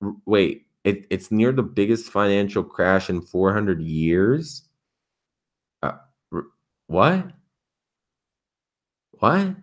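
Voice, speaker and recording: A young man hosting casual commentary, reading headlines aloud and reacting with sarcastic, incredulous remarks and sudden jumps in pitch. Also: lively intonation, slow, pauses often. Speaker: crypto commentary host.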